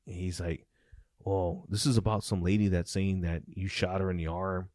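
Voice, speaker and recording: Deep-voiced ex-cop telling profane stories. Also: male voice, fairly quick, dry recording, clean studio sound. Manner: animated, profane storyteller acting out dialogue. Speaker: former police officer. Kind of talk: casual storytelling interview.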